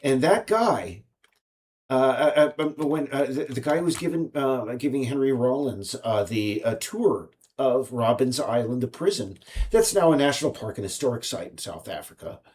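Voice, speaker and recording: Speaking alone, a U.S. indie game developer wanders from point to point, hesitating and restarting constantly with plenty of fillers. He has a medium pitch, lively intonation, and a somewhat dark tone.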